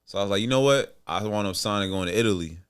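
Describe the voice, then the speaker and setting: A man telling a long career story on a podcast. His voice is smooth and resonant. He talks in a laid-back, slangy way and slips into the voices of the people he quotes. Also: lowish voice, quick pace. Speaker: podcast guest, former basketball player. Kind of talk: casual storytelling interview.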